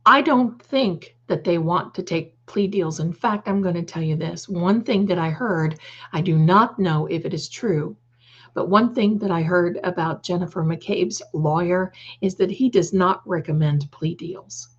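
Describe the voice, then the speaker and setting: A chatty woman with a fairly low voice hosts a casual livestream, reading the chat aloud and calling her viewers darling. She drifts into snarky, opinionated asides. The audio is dull and lo-fi. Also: a little slow, breathy edge. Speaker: livestream host.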